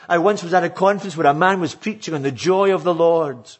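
A man who is a pastor, earnestly exhorting fellow preachers in a sermon-style talk, with a husky voice. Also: high-pitched, steady tone, fairly quick, few pauses.

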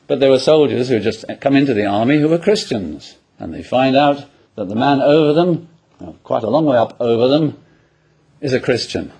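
A man preaches a sermon in a husky, slightly breathy voice. His pitch moves lively up and down as he builds each point. He keeps turning to his listeners with rhetorical questions and homely personal anecdotes. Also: normal speed. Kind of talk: expository sermon.

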